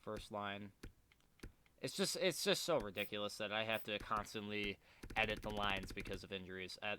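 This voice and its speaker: A man's voice: fairly low pitch, noisy background. A man giving casual commentary while playing a hockey management game, frustrated and swearing, muttering to himself at his desk. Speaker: gaming video creator.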